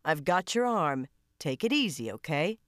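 A brisk, commanding woman fire investigator barking orders at a crew, as a female audiobook narrator puts her on. The voice sits low for a woman but is pushed up and louder here. It is recorded dry and close, with no room sound. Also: very animated, dry recording. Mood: urgent.

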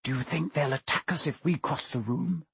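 A man's voice: on the high side, normal speed, vocal fry, a bit bright, husky, no echo, full character voice. A man voicing a sarcastic, grumbling schoolboy wizard in a storybook reading.

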